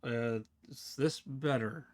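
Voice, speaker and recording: A man live-streaming a game, chatting casually with his viewers as he plays, talking fast and slurring his words together. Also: mid-range voice. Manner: chatty, talks to chat while fiddling with settings. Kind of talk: casual live-stream chat while gaming.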